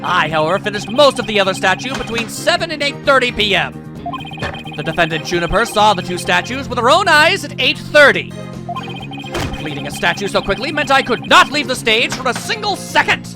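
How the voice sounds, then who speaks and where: A man voicing a pompous, indignant middle-aged male teacher who shouts and blusters, with game music behind. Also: very high-pitched, very animated, a little fast, voice pushed up.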